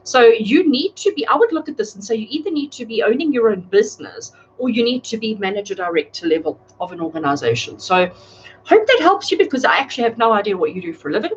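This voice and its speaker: A woman's voice: a little high, very animated, quick pace, dull audio, slight background noise. A woman giving tarot readings on a live stream, talking chattily and addressing viewers by name. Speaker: tarot reader. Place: home, speaking live to a camera.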